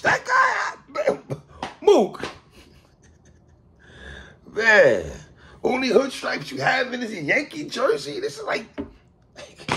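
A man hosting a casual hip-hop commentary monologue, animated and quick to laugh and exclaim. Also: very high voice, gravelly, slight background noise.

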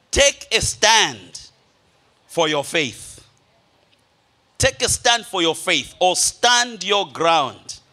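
Man, pastor, sermon, high voice, bright tone, emphatic repetition, slow delivery. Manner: emphatic preaching with repetition, addresses congregation as beloved. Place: church service before a congregation.

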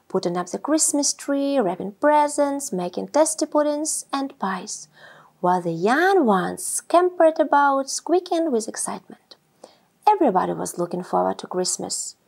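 A woman reading a children's story aloud with expressive, storytelling delivery. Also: high voice, vocal fry. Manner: warm, expressive, slow storytelling. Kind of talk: children's read-aloud narration.

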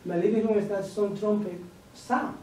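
A man whose first language is Spanish recounts a spiritual experience to a meditation group in broken English full of restarts. His voice is mellow and heard from a distance. Long echo fills the room, with a faint noise underneath. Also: high voice, fairly even intonation. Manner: halting broken English with restarts and small laughs. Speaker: meditation leader. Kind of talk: personal spiritual testimony.

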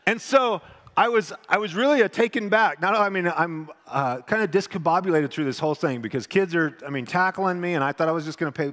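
Man preaching in a reverberant hall. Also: fairly high pitch. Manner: animated storyteller, swings from loud to hushed. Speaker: pastor. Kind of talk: sermon with personal storytelling.

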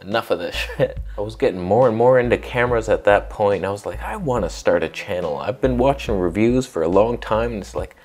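A man's voice: fairly low pitch, brisk, few pauses, darkish tone. A man giving a comedic camera review, sarcastic and rambling with jokey asides.

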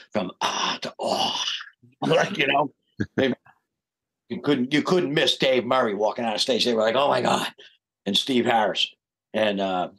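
A husky-voiced man telling a story as a guest on a podcast. He talks at a middling pitch and acts out the lines of the people in his story. His delivery is animated and conversational. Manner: animated, acts out quoted dialogue. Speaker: guest singer.

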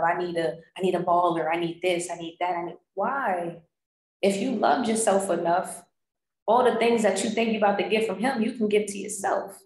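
A woman's voice: mid-range voice, darkish tone. A woman hosting a casual chat, talking candidly and bluntly with slang and the odd curse. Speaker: host. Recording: roomy echo.

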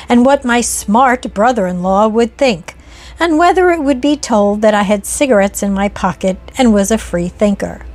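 A woman reading a Victorian ghost story aloud in an earnest, measured first-person narration. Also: a little high.

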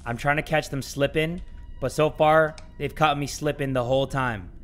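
Excitable young man, bright high voice. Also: normal speed, faint music behind. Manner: jumpy, shouting in sudden scares, joking. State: sore throat. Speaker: gaming channel host. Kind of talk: horror game commentary.

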